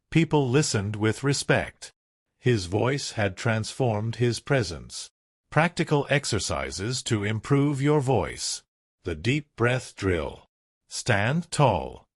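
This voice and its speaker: A man reading a self-help audiobook as scripted narration, in an even, instructive way with deliberate pauses. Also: mid-range voice, no echo, studio quality.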